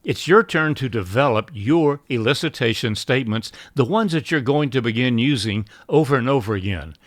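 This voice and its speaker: Man, sales trainer, measured instructional delivery, mid pitch, dry close sound. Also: expressive, no room sound. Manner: measured, acts out sample buyer and seller lines. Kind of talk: instructional talk.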